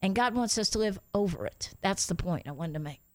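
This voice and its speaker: A woman pastor hosting a radio ministry show, praying and preaching in a fervent, drawn-out way. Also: medium pitch, expressive, a little mellow, no echo. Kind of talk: radio ministry talk and prayer. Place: radio studio.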